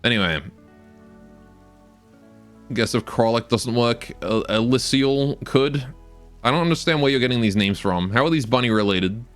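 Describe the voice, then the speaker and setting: A man's voice: mid-range voice, lively intonation, normal speed, long pauses. Young male streamer, rambling joker on a cheap close mic, faint music under. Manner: rambling, joking, laughs often. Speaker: game streamer. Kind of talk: casual live gameplay commentary. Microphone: cheap stage mic close up.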